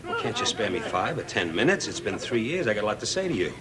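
Studio audience laughter and a background crowd accompany this sitcom performance, where an actor with a lowish, sing-song, rapid voice portrays a wealthy, lonely middle-aged dad. He begs his estranged son over the phone before masking it with put-on bluster.

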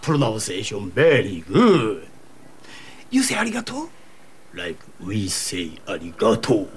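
Jovial Japanese-accented sushi chef; slow, wildly lively delivery, broken English. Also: male voice, on the low side, husky, heavily acted. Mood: friendly. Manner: broken English, jovial and teasing, bursts into yelling. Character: cheerful, chatty middle-aged male sushi chef. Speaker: sushi bar owner.

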